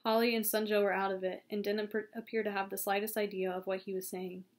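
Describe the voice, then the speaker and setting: A woman reads a novel aloud in a calm, steady voice at an ordinary pitch. She sometimes trips over a word and starts the phrase again. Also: quick pace. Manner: calm, steady reading with small slips and restarts. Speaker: audiobook reader.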